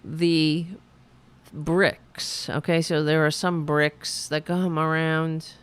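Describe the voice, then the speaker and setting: A woman hosting a livestream show, telling stories in a sarcastic, animated way with casual profanity. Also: low-pitched, takes it slowly, smooth. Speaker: show host.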